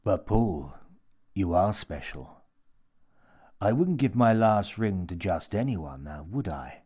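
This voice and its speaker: Sinister, smooth-talking mad old man, played by a man reading a story; coaxing, lecturing. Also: low-pitched, animated, slow pace, warm tone, full character voice. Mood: menacing. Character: menacing mad old man, tall, grinning, theatrical.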